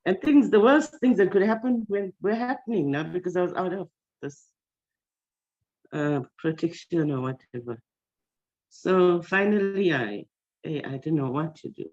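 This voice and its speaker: A woman's voice: fairly low pitch, normal speed, a little mellow. Rambling woman telling a story on a call. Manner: rambling, with many fillers and restarts. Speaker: meeting participant. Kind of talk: personal story. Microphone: video call. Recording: dull lo-fi call audio.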